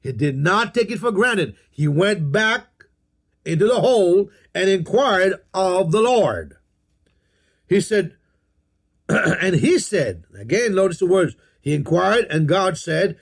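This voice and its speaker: A man's voice: high-pitched, expressive, slow, creaky. A man preaching a sermon, emphatic, repeating key phrases and telling his listeners what to underline.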